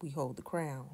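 A woman talks straight to her viewers in a loose, emphatic commentary. She repeats and restarts her words as she goes, and now and then drops to a soft, near-whispered aside. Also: low-pitched. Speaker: channel host. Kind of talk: casual commentary to camera.

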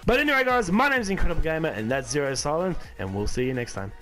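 A man hosting a gaming channel, loudly and sillily commentating a co-op zombie game, yelling, laughing and repeating words. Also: on the high side, animated, fast, few pauses, soft background music. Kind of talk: excited gaming commentary with a friend.

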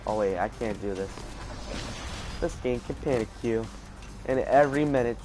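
A man giving casual let's play commentary, panicking out loud and repeating his exclamations. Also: mid-range voice, moderate pace, faint music behind. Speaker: gaming video host.

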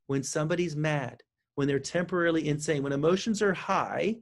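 A man speaking as a counselor guest in an interview, explaining parenting advice with lively delivery and frequent restarts. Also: a little high, fairly quick. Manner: animated, acts out parent and child lines, frequent restarts. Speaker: counselor and author.

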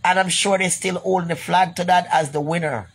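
The Jamaican vlogger talks fairly quickly in a lowish, slightly rough voice with a steady tone. Addressing the camera, she gives a blunt, profane, rambling rant where she keeps repeating herself, and then closes with blessings.

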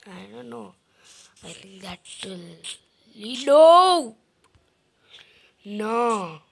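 A woman giving chatty running commentary on her own gameplay, talking to herself with excited outbursts. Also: mid-range voice, slow, vocal fry, a little hiss or hum. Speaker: let's play gamer.

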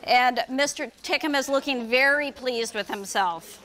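Brief: woman author, high voice, reads her kids' book aloud at a bookstore, lively and chatty. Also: measured pace. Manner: lively, storytelling with fillers. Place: bookstore event.

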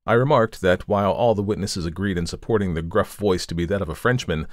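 A man narrating a classic short story for a podcast in a measured, formal reading. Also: low voice, no echo, studio quality.

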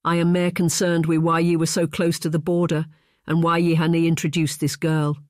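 A narrator voicing a weary, stern old Highland chieftain, a man over sixty with a Scottish accent who talks in a scolding way. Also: completely flat delivery, normal speed, no room sound, clean studio sound, natural voice.

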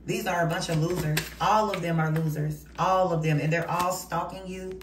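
A woman's voice: lowish voice, steady tone, normal speed. A woman giving a casual tarot reading in a blunt, heated, profane way. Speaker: tarot reader. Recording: roomy, distant mic, noisy.

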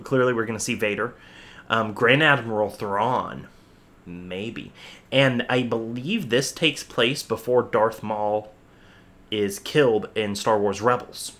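An excitable man hosting a fan reaction vlog, rambling through his thoughts with plenty of fillers and repeats. His voice has a bright, forward tone. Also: lowish voice, slow pace. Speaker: host.

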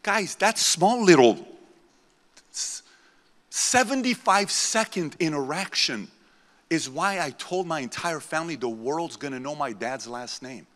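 Forceful man rallying a convention-hall crowd. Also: fairly high pitch, lively intonation, a little slow. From born in Iran, raised in America. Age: 40s. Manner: blunt, punchy, rallies the crowd. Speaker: motivational speaker. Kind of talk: motivational speech to a live audience. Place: large convention center hall.

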